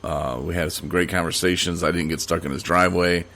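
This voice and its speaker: A man's voice: low-pitched, fairly even intonation, a little fast, pushed and bright. A man hosting a podcast, talking casually and rambling, with many fillers and restarts. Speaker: podcast host. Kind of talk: casual solo podcast monologue.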